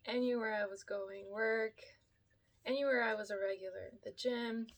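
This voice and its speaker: A woman's voice: on the high side, steady tone, moderate pace. A woman from Canada telling stories in a casual, chatty vlog, laughing often and swearing casually. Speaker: vlogger.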